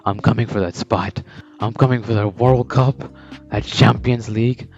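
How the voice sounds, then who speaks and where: A man's voice: fairly low pitch, moderate pace, lightly acted. Man playing a sneering furious teen striker. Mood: defiant. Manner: taunting, sneering, shouting. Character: cocky furious teen male soccer striker. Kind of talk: fan story voice acting. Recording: dull lo-fi with background music.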